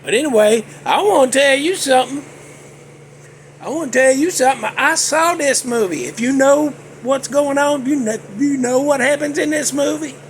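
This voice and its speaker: A man's voice: very high voice, moderate pace, slight background noise. A man, hosting a casual movie talk vlog as a folksy, joking storyteller. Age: 60s. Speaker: host.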